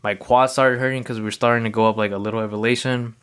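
A man with a smooth, clear voice at an ordinary middle pitch talks through a personal story on his own. He rambles casually and loosely and leans on everyday fillers. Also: level tone, fast talker, fairly bright tone. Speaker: podcast host. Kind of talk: casual solo recap monologue.

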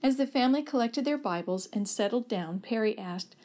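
A woman narrating a children's story aloud in a steady, gentle read. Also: a little high, a little fast.

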